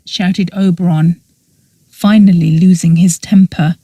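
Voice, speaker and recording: Casting: woman audiobook narrator, unhurried, measured, dry close sound. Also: fairly low pitch, steady tone, dark tone, breathy edge, no room sound. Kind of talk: scripted narration.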